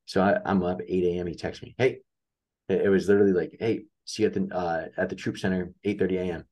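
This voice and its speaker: A young man with a very low, deep voice talks casually as a guest on an interview show. He tells a story about his coaching career and plays each person's lines himself as it unfolds. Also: fast talker. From upstate New York. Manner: animated storyteller acting out quoted dialogue.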